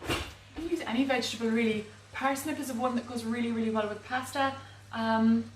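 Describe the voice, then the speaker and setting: A woman's voice: on the high side, fairly even intonation, a little fast, a little hiss or hum. Chatty woman cooking in an echoey kitchen. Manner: chatty, self-mocking humour. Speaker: cooking demo presenter. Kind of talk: live cook-along demonstration. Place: home kitchen. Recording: echoey kitchen, mic far off.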